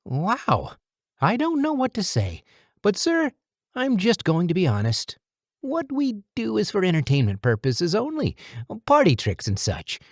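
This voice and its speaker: A man voicing a meek, polite character who talks on the phone in a high, nasal voice. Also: wildly swooping pitch, dry recording, clean studio sound, heavily acted. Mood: chatty. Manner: fast, eager, high-pitched customer-service voice. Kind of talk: audiobook character voice.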